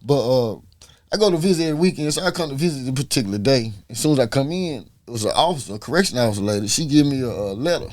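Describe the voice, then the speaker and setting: A man, a podcast guest telling a long personal story in an animated, slangy, casual way. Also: medium pitch, rapid-fire.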